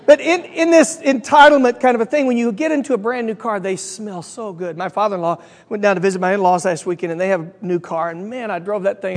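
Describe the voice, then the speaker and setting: Animated middle-aged man teaching a Bible study, high voice, reverberant hall. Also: fast talker, hardly any pauses. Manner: animated, chatty, asks the audience questions. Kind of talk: conversational teaching with jokes.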